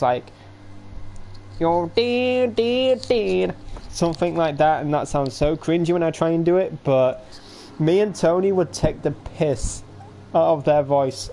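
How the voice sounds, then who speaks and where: A man's voice: on the high side, dark tone, slight background noise. A man in his late teens, chatting casually and rambling to viewers on a home livestream.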